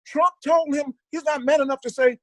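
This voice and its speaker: An older male comedian chatting on a video call, ranting with animated, profane energy while holding his phone. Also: very high voice, fairly quick, no echo. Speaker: comedian guest. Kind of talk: casual video call chat. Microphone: handheld phone on video call.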